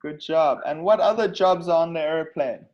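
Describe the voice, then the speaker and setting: A man's voice: on the high side, moderate pace, darkish tone, muffled recording. A man teaching an online English speaking class, patient and repetitive, checking in with the students after nearly every sentence.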